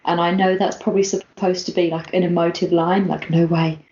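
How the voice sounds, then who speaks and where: Co-host podcastu: kobieta z brytyjskim akcentem, ciepły głos, gadatliwa, w pogłosowym pokoju. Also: female voice, on the low side, fairly quick. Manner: chatty, giggly, animated reading of quotes. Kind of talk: casual chat recapping a manga chapter. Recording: lo-fi, echoey room.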